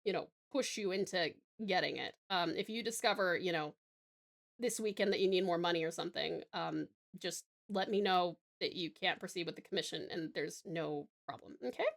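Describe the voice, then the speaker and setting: A woman's voice: fairly low pitch, normal speed, gravelly. An Australian woman streamer chatting with viewers while she draws, gushing and calling them hun and darling. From Tasmania, Australia. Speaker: live streamer. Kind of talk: casual live-stream chat while drawing.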